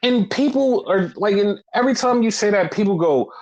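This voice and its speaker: High-voiced man ranting profanely. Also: normal speed, few pauses, lo-fi sound. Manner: profane, animated, heavy filler "like". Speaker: podcast co-host. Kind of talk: casual critical rant.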